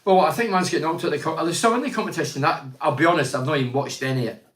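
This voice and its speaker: A man's voice: fairly high pitch, racing, a bit bright. Blunt, opinionated older man, echoey room. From Teesside. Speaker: host reading viewer comments. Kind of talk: casual chat.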